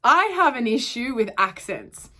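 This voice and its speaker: A woman's voice: fairly high pitch, very animated, a little slow, sharp tone. A young woman with an Australian accent that drifts towards Irish, chatting casually and rambling in a home vlog to camera. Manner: chatty, rambling, loses her train of thought. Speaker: vlogger. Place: at home, indoors.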